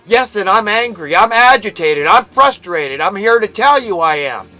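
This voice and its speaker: American guy ranting into the mic, bright edgy voice, faint music under it. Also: sits high, animated, moderate pace, rough recording. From United States. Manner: ranting, emphatic, preachy. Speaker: commentator. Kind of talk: impassioned monologue.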